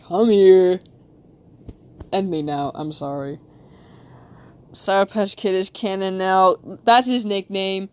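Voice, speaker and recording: An American woman with a light Southern accent, rambling casually to her stream while she draws, talking to herself with quick bursts of excitement. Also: medium pitch, smooth, no room sound. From United States. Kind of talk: casual live-stream chat while drawing.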